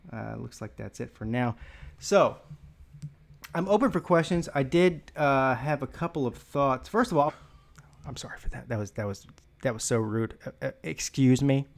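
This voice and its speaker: Out-of-breath man, sports stream host, loose and joking, mid-pitched voice. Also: measured pace, creaky. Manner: rambling, joking, many fillers. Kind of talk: casual live-stream chat.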